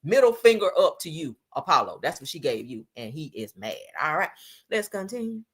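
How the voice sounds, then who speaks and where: A woman's voice: low voice, big pitch swings, brisk, slightly rough. A woman giving blunt, profane, sassy commentary on reality TV for a stream, laughing often. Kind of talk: casual commentary on a livestream.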